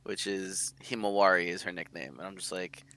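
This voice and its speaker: A man's voice: low voice, flat delivery, fairly quick, pushed and bright, smooth, no room sound. A man co-hosting an anime podcast, explaining names and background details in a casual way. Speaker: podcast co-host. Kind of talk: casual chat about anime.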